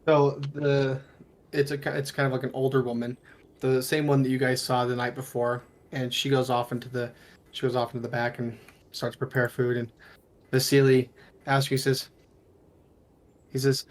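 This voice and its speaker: A man running a tabletop game as game master, narrating in a loose, halting way with frequent restarts, over voice chat from home. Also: medium pitch, little pitch movement.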